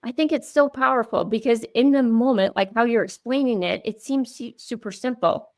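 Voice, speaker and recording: Woman podcast host, kinda gravelly, easy thoughtful chat. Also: fairly high pitch, moderate pace, dry recording, clean studio sound. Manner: affirming, reflective. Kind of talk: casual chat.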